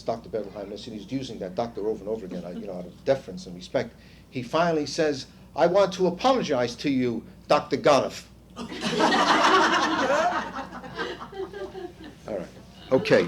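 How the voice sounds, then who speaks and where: An older man teaching a seminar in a loose, talky way, his voice at a middling pitch. He drifts into anecdotes and asides and keeps checking whether the room is following. A faint hiss sits under his speech. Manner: storytelling, quizzes the group; asides, frequent "you see". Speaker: seminar leader. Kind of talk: conversational lecture.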